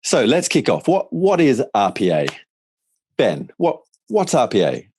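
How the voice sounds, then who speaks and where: A man with an Australian accent softened by years in England, hosting a business webinar in a chatty, upbeat way with many fillers. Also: mid-range voice, huge pitch swings, a little slow, slightly rough, no echo. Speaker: managing director and webinar host. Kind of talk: casual webinar presentation.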